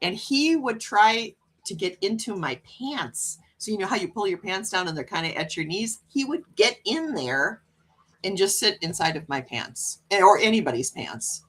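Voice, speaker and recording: A woman's voice: medium pitch, normal speed. A woman hosting a casual livestream chat, reading viewer comments aloud and laughing often. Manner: chatty, laughs often, animated cat voices. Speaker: livestream host.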